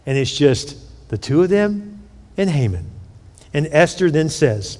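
A pastor in a big echoing hall, preaching and retelling an old story with a lot of life. His voice sits high for a man, and he jumps into the characters' lines as he goes. The reverb trails long behind him. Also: sing-song, unhurried, long pauses, darkish tone. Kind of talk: sermon.

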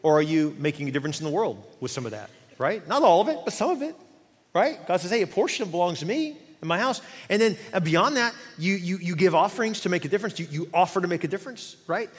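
A middle-aged man preaching a sermon as pastor, animated, full of rhetorical questions and acted-out quotes, in a church sanctuary. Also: high voice, fast, husky. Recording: long reverb of a large church hall.

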